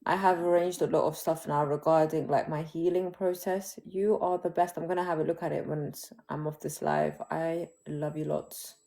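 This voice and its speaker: A grieving woman, talking openly on a phone livestream from home in a halting, emotional way. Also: low-pitched, steady tone, gravelly, dark tone. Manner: open and emotional, halting restarts. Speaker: livestream host. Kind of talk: candid live chat.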